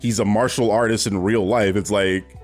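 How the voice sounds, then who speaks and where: A young man giving casual, animated movie commentary, talking freely with lots of fillers and swearing. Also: on the low side, moderate pace, faint music behind. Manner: animated, profane, chatty with many fillers.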